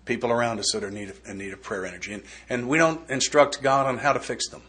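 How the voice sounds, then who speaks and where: A man's voice: mid-range voice, quick pace, fairly bright tone, slightly rough. A man giving a recovery step study talk, folksy and joking in a conversational way. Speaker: workshop speaker.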